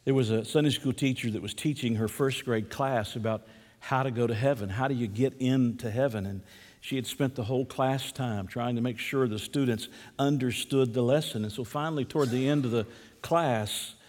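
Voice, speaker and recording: A man's voice: medium pitch, normal speed, darkish tone. Male preacher in a reverberant hall. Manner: prayerful, then storytelling and teaching. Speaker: pastor. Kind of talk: sermon.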